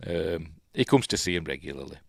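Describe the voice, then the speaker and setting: A man's voice: low-pitched, lively intonation, brisk, vocal fry, darkish tone, no echo. A man with a Yorkshire accent, hosting a chatty live film commentary and rambling as he gets sidetracked. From Yorkshire, England. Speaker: host.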